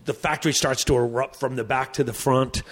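A man who is a stand-up comedian, telling stories in casual chat, animated, profane and rambling. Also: medium pitch, fairly quick.

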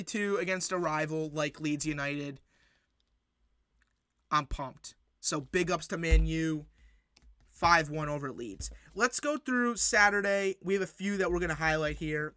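A man hosting a solo sports podcast, recapping matches in an excitable, rambling way with lots of fillers and restarts. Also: a little high, no room sound. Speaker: podcast host.

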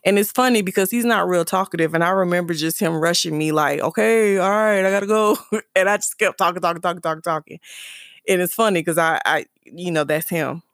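A woman's voice: fairly low pitch, fast, a bit bright, no echo, clean studio sound. Earnest woman telling a personal story. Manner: earnest and emotional, restarting and repeating phrases. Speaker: mother sharing a personal story.

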